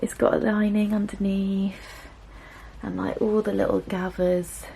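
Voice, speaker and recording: Young woman, home sewing vlogger, gentle and chatty with soft laughs, talking straight to camera. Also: mid-range voice, little pitch movement, unhurried, creaky, slight background noise. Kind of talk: casual chat to camera. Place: small room at home.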